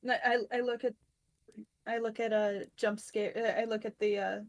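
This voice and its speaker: A woman's voice: fairly high pitch, little pitch movement, normal speed, dry recording, low-quality recording. A woman playing in a tabletop role-playing game, talking hesitantly with lots of fillers. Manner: hesitant, many fillers and restarts. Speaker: player.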